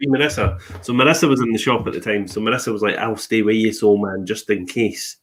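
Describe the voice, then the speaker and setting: A man with a low-pitched voice tells a story in a relaxed, chatty way. He laughs easily and slips into the voices of the people he quotes. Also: fast. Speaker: podcast host and medium. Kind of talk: casual storytelling chat.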